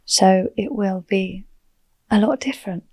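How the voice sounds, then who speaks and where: A woman, chatting as a podcast guest, animated and quick to laugh. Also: medium pitch, no room sound. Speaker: podcast guest, property entrepreneur. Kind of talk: casual interview chat.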